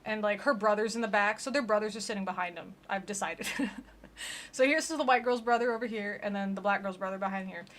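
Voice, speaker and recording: A woman's voice: medium pitch, fast talker, fairly bright tone. A young woman streaming, giving sarcastic, joking commentary on a video and mocking the voices of the people in it. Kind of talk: casual reaction commentary.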